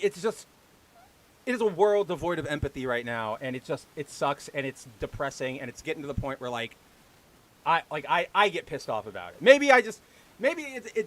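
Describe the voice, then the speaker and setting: Fired-up high-voiced man ranting. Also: fairly bright tone. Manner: heated, profane, with mocking put-on quotes. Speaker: podcast host. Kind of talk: casual ranting livestream talk.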